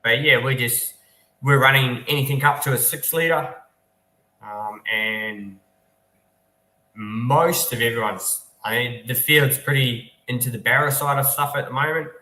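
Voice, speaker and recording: Man from New Zealand, guest driver, bright voice, echoey room, relaxed chat. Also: mid-range voice, a little slow. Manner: easygoing, technical, many ums. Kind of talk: casual interview.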